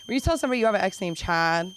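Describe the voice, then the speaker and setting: A young woman performs stand-up at an open mic in a small club. She rambles through her material, piling on quick self-deprecating asides, at a medium pitch. Faint room noise hangs under her voice. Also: lively intonation, a bit bright, poor audio. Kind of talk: stand-up comedy set.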